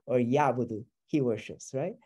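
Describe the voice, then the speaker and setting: Man, teacher, mellow tone, patient step-by-step explaining, online class. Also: medium pitch, normal speed, husky. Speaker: Arabic teacher.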